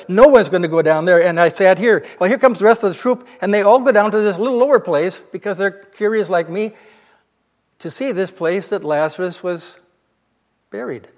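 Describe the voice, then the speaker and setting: High-voiced man preaching in a reverberant hall. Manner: conversational storytelling, retelling scripture in plain words. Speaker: pastor. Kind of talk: sermon.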